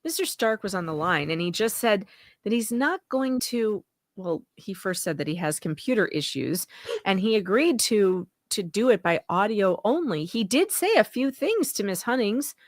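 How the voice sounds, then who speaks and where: Playful woman co-host, lively pitch. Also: dry recording, studio quality. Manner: playful, quick, reads aloud. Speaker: co-host reading a transcript. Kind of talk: casual live-stream chat.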